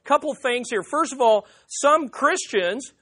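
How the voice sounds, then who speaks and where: A man's voice: extremely high pitch, lively intonation, measured pace, bright, forceful tone. A man preaching a conversational sermon, reading scripture and speaking directly to members of his congregation. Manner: emphatic, conversational, talks to the congregation by name. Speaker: pastor.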